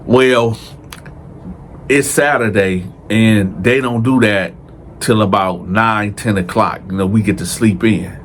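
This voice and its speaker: A man telling a true prison story in casual storytime style, speaking slangy and addressing viewers directly, jumping his pitch up to act out the people he quotes. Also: takes it slowly, a little hiss or hum. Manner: animated, acts out quoted dialogue with raised pitch.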